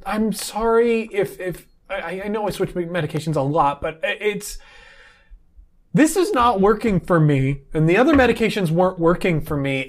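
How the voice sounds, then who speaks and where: A man voicing a frightened male patient who pleads haltingly with his doctor. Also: sits high. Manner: halting and pleading, many restarts.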